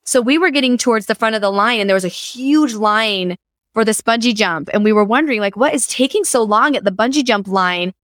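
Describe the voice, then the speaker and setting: A middle-aged woman hosting an interview, telling a personal story in an earnest, animated way. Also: a little high, fairly quick, no room sound, studio quality. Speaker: podcast host.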